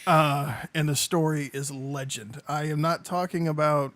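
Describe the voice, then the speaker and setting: A man co-hosting a casual podcast who picks his words with care and hedges often. His voice sits a little high for a man. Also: fairly even intonation, unhurried, a bit bright. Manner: careful, hedging storyteller. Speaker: EMS podcast co-host. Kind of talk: casual storytelling chat.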